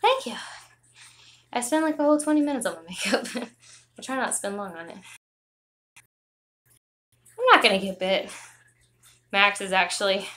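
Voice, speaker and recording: A woman's voice: medium pitch, normal speed, pauses often, a bit bright. A young woman vlogging casually at home on her phone, chatting in a rambling way with lots of fillers, out of breath. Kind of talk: casual livestream chat. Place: home, indoors.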